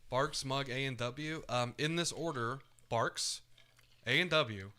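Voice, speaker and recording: A man co-hosting a fight watch stream, chatting loudly and swearing with a friend. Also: medium pitch, slow. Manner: loud, animated, swearing, jumps topics. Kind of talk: casual banter between friends.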